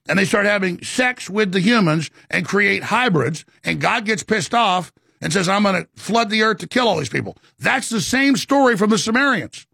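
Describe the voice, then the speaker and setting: Gravelly, husky high-voiced man ranting. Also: a bit bright, dry recording, studio quality. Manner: rambling, emphatic, with many stammered restarts. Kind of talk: impassioned monologue.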